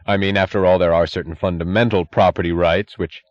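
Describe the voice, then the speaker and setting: A man's voice: low voice, fairly even intonation, fairly quick, dry recording, dull audio, close to an everyday voice. A man reading an audiobook, voicing a frightened, blustering industrialist who protests shrilly. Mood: indignant.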